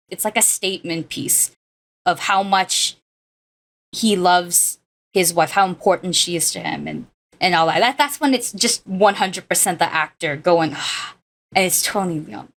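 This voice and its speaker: Animated woman podcast co-host. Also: medium pitch. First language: not a native Mandarin speaker. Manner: animated, laughs often, quotes film lines. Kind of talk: casual chat.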